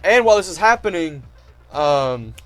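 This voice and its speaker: A man casually recapping an anime arc as a reviewer, rambling with lots of "like" and "um" and gushing with fan excitement. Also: fairly high pitch, normal speed, soft background music. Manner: rambling, heavy on fillers and "like". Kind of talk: casual retrospective chat.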